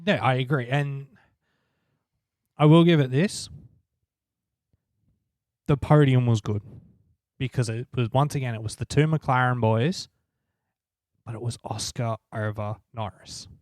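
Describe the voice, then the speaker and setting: A man's voice: medium pitch, unhurried, pauses often, a little mellow, no room sound, clean studio sound. A man co-hosting a casual motorsport podcast, blunt and opinionated, swearing as he argues. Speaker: podcast co-host. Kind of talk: casual sports chat.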